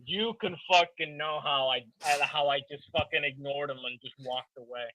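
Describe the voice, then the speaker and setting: A man's voice: a little high, normal speed, slight background noise. A young man co-hosting a podcast in casual chat, telling stories animatedly and swearing constantly. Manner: profane, animated storytelling. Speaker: podcast co-host. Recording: dull lo-fi dry sound.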